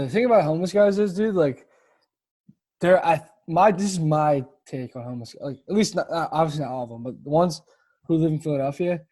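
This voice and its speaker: A young man with a slightly high voice riffs in loose podcast banter. He talks in slang and gives blunt opinions. He often asks the listener to agree. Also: mellow. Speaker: podcast co-host. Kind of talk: casual chat.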